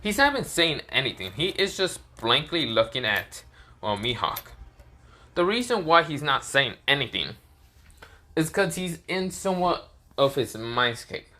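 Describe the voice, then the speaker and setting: A man's voice: fairly high pitch, very animated, measured pace, sharp tone. A young man casually narrating a fan story, rambling with swearing and frequent restarts.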